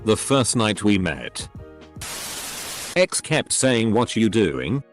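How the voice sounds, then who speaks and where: A man narrating anonymous online stories in a scripted reading, spelling out abbreviations letter by letter. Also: on the low side.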